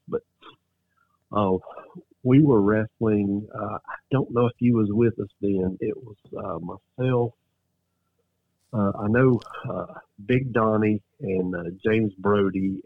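A man's voice: lowish voice, dry recording. A male guest chatting casually, hesitant and full of ums as he recalls stories. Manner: hesitant, many ums and uhs. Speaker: guest, wrestler. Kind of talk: casual chat. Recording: tinny phone line.

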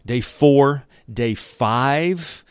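A man leads an animated Bible study, mixing scripture reading with playful retellings in which he acts out the characters. His voice sits at an ordinary middle pitch. The sound is dry and close, with no room echo. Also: very slow, clean tone. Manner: animated storyteller who acts out characters' lines and laughs often. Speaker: Bible teacher.

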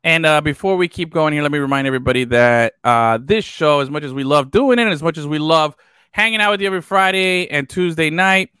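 A man hosting a casual sports podcast, animated and joking, often trailing off into fillers. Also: a little high, fairly quick, smooth, dry recording, clean studio sound. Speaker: podcast host.

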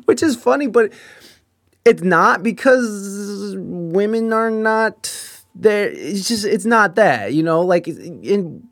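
A man's voice: sits high, expressive, takes it slowly, fairly bright tone, dry recording, clean studio sound. Profane, rambling man telling work stories. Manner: profane, rambling, laughs often. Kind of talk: casual storytelling.

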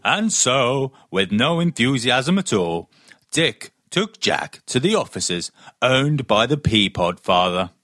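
A man's voice: medium pitch, big pitch swings, slow pace, bright, forceful tone, no echo. A man narrating a holiday audio play in a dry, theatrical storybook manner.

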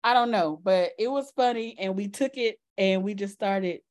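A woman's voice: medium pitch, normal speed, a little mellow. A woman with a Southern US accent co-hosting a podcast, reminiscing in easygoing casual chat with frequent laughs. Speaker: podcast co-host.

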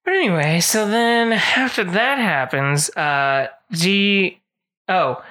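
A podcast co-host retelling a movie plot in casual, rambling fashion, full of fillers and quick character voices. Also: mid-range voice, animated, sharp tone.

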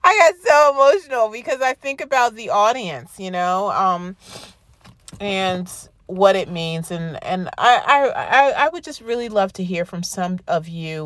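Woman podcast host, classical singer; low-ish voice, dry close sound, emotional, chatty with restarts. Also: dry recording. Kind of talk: casual podcast talk with read-aloud quotes.

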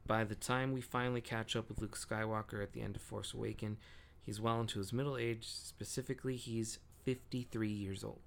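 A man's voice: on the low side, fairly even intonation, brisk, vocal fry. A young man co-hosting a casual podcast, rambling through stories with lots of swearing. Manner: profane, rambling storyteller. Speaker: podcast co-host. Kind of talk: casual chat.

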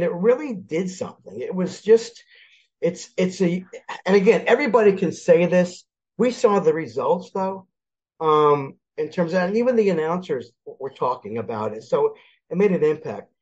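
An older man from Philadelphia chats as a guest about sports, with a fairly high voice. He tells his stories with energy and acts out the voices of the people in them. The audio sounds dull and lo-fi. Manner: animated storyteller, acts out quoted voices. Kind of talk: casual sports chat.

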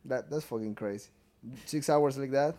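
A man's voice: mid-range voice, moderate pace. A man from Ecuador with an Ecuadorian Spanish accent, a native Spanish speaker co-hosting a podcast, talking fondly and profanely about a family car. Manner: fond, excitable, profane. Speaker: podcast co-host. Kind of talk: casual chat.

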